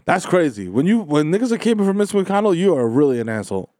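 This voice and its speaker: A man co-hosting a casual podcast, telling quick, profane stories and laughing often. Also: on the high side, very animated, noisy background. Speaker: podcast co-host. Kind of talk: casual chat.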